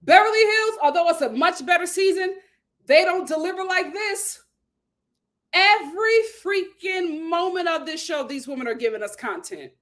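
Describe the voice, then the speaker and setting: A woman's voice: very high voice, animated, moderate pace, a bit bright. A woman hosting a casual reality TV recap, animatedly retelling scenes, acting out the quotes and laughing often. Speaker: host.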